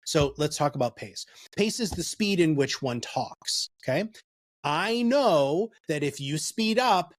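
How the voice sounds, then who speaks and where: Emphatic man teaching with lively delivery. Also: normal speed, dry recording. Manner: emphatic, with lively swings in pitch and pace. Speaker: podcast guest, author and speaker. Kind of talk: animated teaching explanation.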